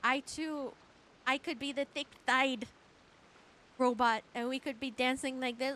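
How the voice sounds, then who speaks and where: High, gushing woman streaming a game. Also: expressive, unhurried, bright, forceful tone. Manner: gushing and giggly, talks to chat. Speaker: VTuber streamer. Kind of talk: casual gaming stream chat.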